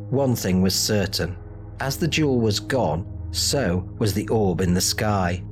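A man giving dramatic, measured narration of a fantasy audiobook. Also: fairly low pitch.

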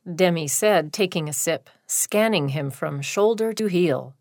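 A woman narrating a short story in a slow, deliberate reading. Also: on the low side, expressive, a little mellow, dry recording, clean studio sound.

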